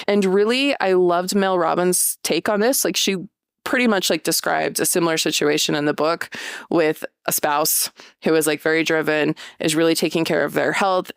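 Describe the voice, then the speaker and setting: A woman's voice: on the low side, creaky, no room sound, studio quality. A woman in her thirties hosting a podcast, telling personal stories in a chatty, rambling way with lots of fillers. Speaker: podcast host. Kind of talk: casual personal monologue.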